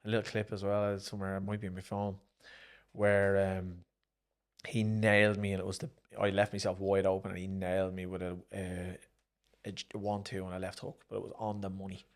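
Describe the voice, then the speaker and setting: A man's voice: low voice, brisk. A middle-aged Irish man, a former boxer, telling stories of his fights in a casual interview, acting out what people said. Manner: animated, acts out quoted speech in raised voices. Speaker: guest, former professional boxer and promoter. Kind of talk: casual storytelling in a sit-down interview.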